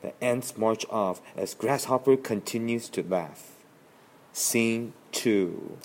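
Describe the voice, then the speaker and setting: Slow, low-voiced man reading a play. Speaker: narrator. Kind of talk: reading a children's play script.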